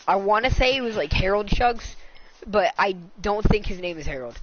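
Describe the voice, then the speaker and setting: Man, game streamer, low energy, monotone, casual swearing, muffled lo-fi mic, faint hiss. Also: moderate pace. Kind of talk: casual live gameplay commentary.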